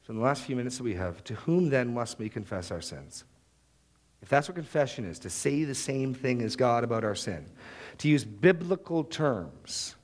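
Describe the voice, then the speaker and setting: A married man preaching a sermon, acting out the prayers and excuses he quotes. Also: medium pitch. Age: adult, married. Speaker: pastor.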